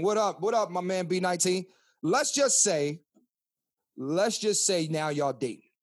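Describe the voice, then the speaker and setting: A man's voice: high-pitched, breathy edge, no room sound, studio quality. A man in his thirties from Philadelphia, co-hosting a podcast in loose, profane, preachy chat. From Philadelphia, Pennsylvania. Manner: animated, profane, preachy ranting. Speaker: podcast co-host. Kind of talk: casual chat.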